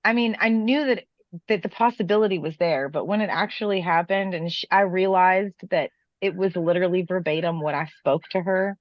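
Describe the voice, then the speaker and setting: An animated woman spins a story in casual chat, swearing freely as she goes. Her voice sits a little low. The sound is dry and slightly muffled, like lo-fi stream audio. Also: a little fast, no room sound. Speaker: podcast co-host telling a work story.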